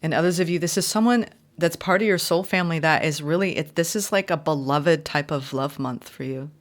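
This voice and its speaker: A woman giving an intuitive tarot reading, heartfelt and effusive, sometimes reading card meanings aloud in a gentle, spiritual manner. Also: low-pitched, fairly quick. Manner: emotional and effusive. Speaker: tarot reader.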